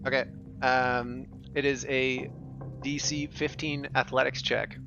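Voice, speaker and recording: Bright-voiced man running a tabletop game. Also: medium pitch, level tone, slow, vocal fry, dull audio, faint music behind. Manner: casual, laughs often, many fillers. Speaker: game master.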